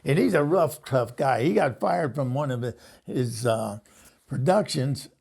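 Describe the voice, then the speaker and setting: Gravelly older man telling stories. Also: mid-range voice, unhurried, a little mellow. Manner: rambling, laughs often, acts out quoted voices. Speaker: host. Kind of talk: casual storytelling monologue.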